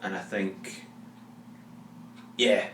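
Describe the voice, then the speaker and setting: A man's voice: low-pitched, fairly even intonation, extremely slow, fairly bright tone, distant mic. A young Scottish man co-hosting a podcast, trading teasing, sweary banter. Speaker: podcast co-host. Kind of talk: casual chat. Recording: echoey room, faint hum.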